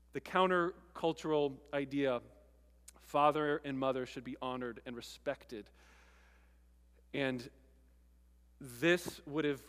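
High-voiced man preaching in a reverberant hall. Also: fairly bright tone. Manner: conversational preaching, emphatic with pauses. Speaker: pastor. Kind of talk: sermon.

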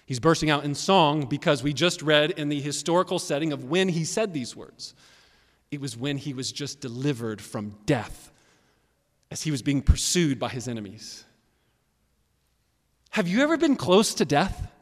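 A pastor preaching to his congregation, his slightly high voice dropping to quiet asides and then rising into loud, emphatic bursts. The sound carries a long reverb from a church hall. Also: expressive, moderate pace. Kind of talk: sermon.

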